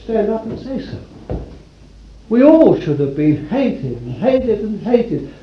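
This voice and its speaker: A man preaching a sermon to a congregation in a room, swinging from loud declarations to hushed asides. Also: sits high, sing-song, slow pace, highs cut off, a little hiss or hum.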